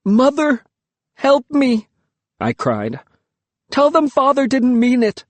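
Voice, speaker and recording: A man reading an audiobook, voicing a desperate, defiant young boy with a shrill, cracking voice. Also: expressive, normal speed, no echo. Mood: desperate pleading.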